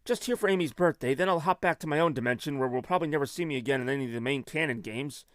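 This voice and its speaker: A man's voice: on the high side, rapid-fire, fairly bright tone, no room sound, natural voice. A man voicing a snooty young cat princess in a put-on posh accent for a game. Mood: haughty.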